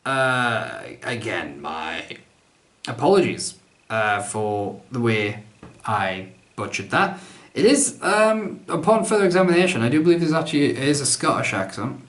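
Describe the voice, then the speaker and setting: A man's voice: mid-range voice, big pitch swings, unhurried, fairly bright tone, roomy sound. A man, answering viewer questions in a casual vlog, chatty and rambling, poking fun at himself. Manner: chatty, rambling, self-deprecating.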